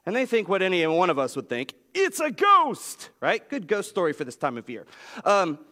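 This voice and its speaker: A man preaching a sermon as pastor, telling a story with lively swings in pitch. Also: brisk. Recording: long reverb of a large hall.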